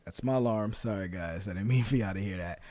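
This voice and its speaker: A man in his late twenties hosting a casual solo podcast, talking earnestly with lots of fillers and restarts, his voice a little hoarse. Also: on the low side, fast talker, dark tone, no room sound. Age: 20s. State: slightly hoarse voice. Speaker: podcast host.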